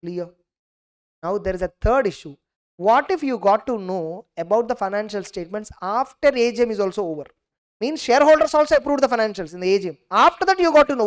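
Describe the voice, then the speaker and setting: A young woman giving an animated exam revision lecture, acting out both sides of each case and checking her class with "clear?". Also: mid-range voice. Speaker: teacher.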